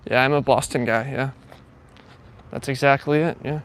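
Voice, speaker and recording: A man's voice: mid-range voice, fairly even intonation, moderate pace, slight background noise. A man hosting a casual morning live stream from a walk outdoors, joking playfully and answering viewers' comments. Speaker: livestream host.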